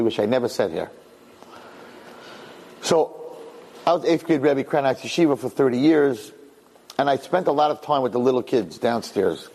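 A middle-aged man, a rabbi, telling stories to an audience in an animated way, repeating phrases and acting out dialogue. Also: mid-range voice, husky. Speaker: rabbi and speaker. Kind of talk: storytelling talk to an audience. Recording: long reverb in a hall.

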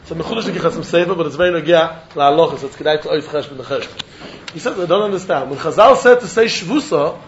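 A man's voice: sits high, a bit bright, highs cut off. A man teaching a Talmud class, in a singsong study chant. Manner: singsong study chant, mixing English with Hebrew, Aramaic and Yiddish terms. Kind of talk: yeshiva-style Talmud lecture.

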